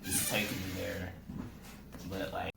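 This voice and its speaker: Here a young comedian with a low, gravelly voice narrates a comic story in a level tone and measured pace, breaking into sudden voice jumps to play its characters. It's casual talk, recorded in an echoey space with faint ambient noise.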